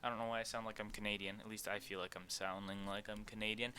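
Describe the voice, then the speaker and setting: A man's voice: on the low side, flat delivery, fast talker, bright, forceful tone, clear, resonant tone. A young man hosting an unscripted game development tutorial, thinking aloud with many fillers as he works. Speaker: game dev tutorial host. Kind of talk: unscripted screen-recorded tutorial.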